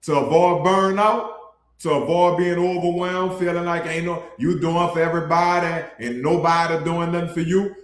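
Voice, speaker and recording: A man delivers a casual street sermon with blunt, preachy force and plenty of slang. His voice sits slightly high for a man. The recording carries a noticeable room echo. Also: fairly even intonation, moderate pace. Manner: blunt, preachy, colloquial, addresses listeners as bro. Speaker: street preacher hosting an online ministry.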